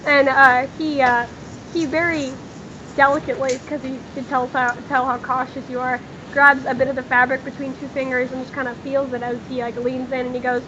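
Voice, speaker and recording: High-voiced woman game master. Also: flat delivery, dull audio, noisy background. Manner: casual, halting, many fillers. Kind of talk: narrating a tabletop game.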